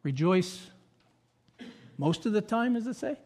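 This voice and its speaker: A pastor delivering a sermon, moving between loud, emphatic points and quiet, reflective asides. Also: male voice, high-pitched, lively intonation, unhurried.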